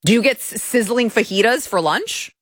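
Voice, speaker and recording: A woman hosting a political commentary show, talking in a sarcastic, indignant, animated way. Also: on the high side, moderate pace, no room sound, clean studio sound.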